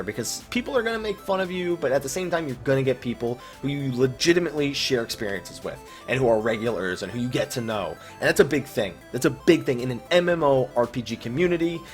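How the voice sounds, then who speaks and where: A male gaming host fields viewer questions about online games in a relaxed, offhand way, blunt and quick to swear. His ordinary mid-register pitch swings around a lot, with soft music playing quietly beneath.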